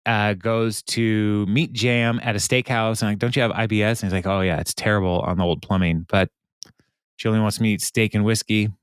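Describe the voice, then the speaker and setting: A man hosting a podcast, walking through a sitcom episode scene by scene. His voice sits fairly low, and he keeps breaking into laughter as he quotes the lines. The sound is dry and close, with no room around it. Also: smooth, no echo. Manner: laughs often while retelling scenes and quoting characters. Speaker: podcast host recapping a TV episode. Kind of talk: casual chat.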